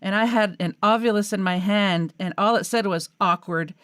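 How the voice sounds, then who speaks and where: A woman's voice: medium pitch, normal speed, a bit bright, clear, resonant tone, no room sound. Chatty woman podcast host, dry sound. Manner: laughs often, chatty. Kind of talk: casual chat. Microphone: video call.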